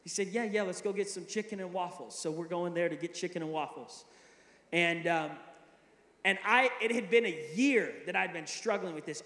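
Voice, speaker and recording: Animated pastor in an echoey hall. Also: male voice, high-pitched. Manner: animated, acts out dialogue with shifting voices. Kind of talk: sermon storytelling. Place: large church hall. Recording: echoey hall, long reverb.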